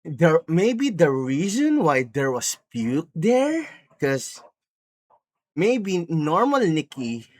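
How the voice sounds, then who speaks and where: A man recapping a film in a casual vlog style, rambling, excitable and profane. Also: a little high, drawn-out words. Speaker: movie reviewer.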